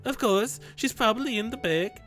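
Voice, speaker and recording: A man voicing a nervous young woman librarian in a game playthrough, speaking loudly and drawing out her words. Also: very high-pitched, normal speed, faint music behind, voice pushed up. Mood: flustered. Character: flustered high-pitched young woman librarian.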